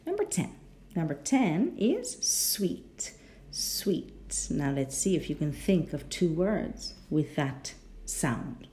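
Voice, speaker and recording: Woman, English teacher, pronunciation lesson, mellow tone, animated pitch, repeats words carefully. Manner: repeats words slowly, checks in with "no?".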